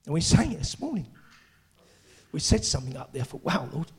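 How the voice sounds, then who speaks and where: A middle-aged man preaching a sermon, excitable and breaking into shouts and exclamations. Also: fairly high pitch, brisk, husky.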